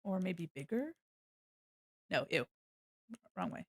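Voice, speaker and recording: A woman's voice: fairly low pitch, very animated, takes it slowly, no echo, clean studio sound. A young woman chatting casually on a live art stream, playful and rambling, talking into a desk mic at home. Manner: chatty, playful, drifts into hums and silly sounds. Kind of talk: casual live-stream chat while drawing. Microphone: desk mic on a mic arm.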